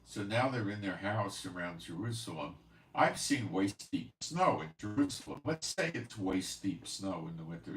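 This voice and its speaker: Male host, very low voice, loose chatty monologue to viewers, off-mic in a reverberant room. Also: expressive, moderate pace, gravelly. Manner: rambling, conversational, with many fillers and asides. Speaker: channel host. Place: at home in Israel. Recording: roomy echo, voice from a distance, faint background hiss.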